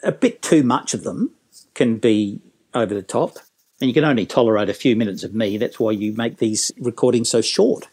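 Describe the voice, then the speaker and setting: Middle-aged man, lively storyteller and business trainer, chatty, acts out bits of dialogue. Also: mid-range voice, normal speed, slightly rough. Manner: animated storyteller, acting out quotes. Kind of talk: casual interview talk.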